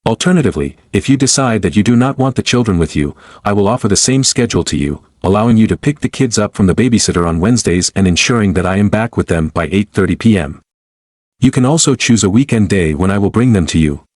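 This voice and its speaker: Low, dry-voiced formal male narrator. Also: animated, a little mellow, dry recording. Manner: formal, measured, cold and deliberate. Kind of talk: first-person story narration.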